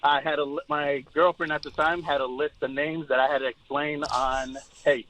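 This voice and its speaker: A man calling in to a radio show, telling his story haltingly with many fillers. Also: on the high side, flat delivery, fairly bright tone, poor audio. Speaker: caller.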